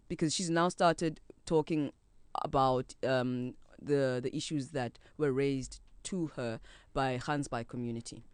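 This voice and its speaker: A young South African woman, a podcast guest, telling a story in a casual, animated way and acting out the voices of the people in it. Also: a bass voice, unhurried, few pauses, smooth, dry recording. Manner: lively, acts out quoted voices, laughs often, code-switches.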